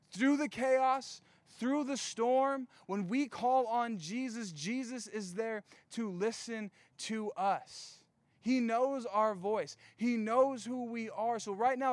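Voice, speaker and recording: A young man giving a casual sermon, reading scripture and telling jokey stories, slowing down to stress key points. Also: very high voice, dry recording. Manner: conversational, jokey asides, slows down for emphasis.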